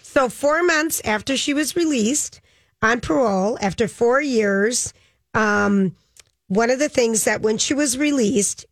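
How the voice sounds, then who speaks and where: A woman's voice: fairly high pitch, dry recording. A woman co-hosting a casual chat, retelling a news story in a loose way with frequent ums and a dismissive "blah, blah.".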